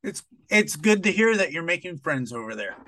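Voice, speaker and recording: A man hosting a podcast, asking easygoing, halting interview questions. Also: on the high side, sing-song, sharp tone. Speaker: podcast host.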